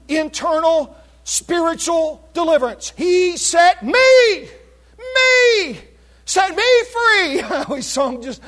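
A man preaching a sermon, reading scripture aloud and calling out to his congregation with shouted exclamations, while losing his voice. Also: extremely high pitch. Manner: reads scripture in King James wording.

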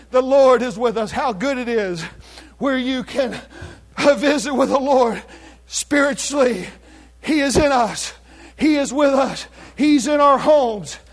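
A male preacher with a very high voice delivers a sermon that is losing its strength, since he is losing his voice. He reads old scripture in a measured way and breaks into shouted exclamations to his congregation. His high pitch stays the same throughout. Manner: reads scripture in King James wording.

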